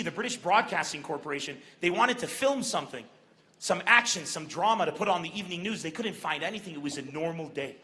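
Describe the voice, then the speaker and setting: Comédien libanais exubérant sur une scène en plein air. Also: male voice, sits high. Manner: brash and animated storytelling. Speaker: stand-up comedian. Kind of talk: stand-up comedy set. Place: outdoor festival stage. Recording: echoey open-air stage with crowd.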